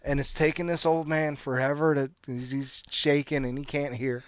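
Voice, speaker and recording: A man's voice: mid-range voice, normal speed, smooth, no echo, clean studio sound. A man casually telling a long story, acting out what people said and laughing often. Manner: animated, laughing storyteller who acts out quotes.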